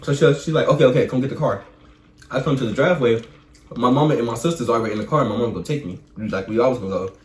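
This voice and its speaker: A young man joining a vlog as co-host, telling a story in a relaxed, slangy way with laughs. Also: mid-range voice, rapid-fire. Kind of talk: casual storytelling. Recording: echoey room with faint hum.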